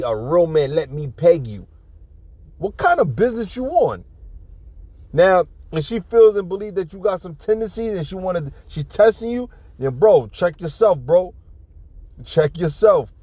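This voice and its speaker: A man's voice: high-pitched, darkish tone, no echo. Blunt, profane man ranting close to the mic. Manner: blunt, profane and preachy, with repeated restarts. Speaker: commentator reacting to a video clip. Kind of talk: casual ranting commentary.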